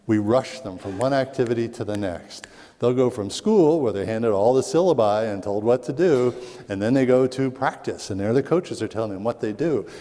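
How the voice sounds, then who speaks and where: A middle-aged man from Southwest Philadelphia, a speaker on parenting, telling lively stories to an audience and acting out voices in quotes. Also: medium pitch, normal speed. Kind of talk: storytelling talk to an audience. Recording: long hall reverb.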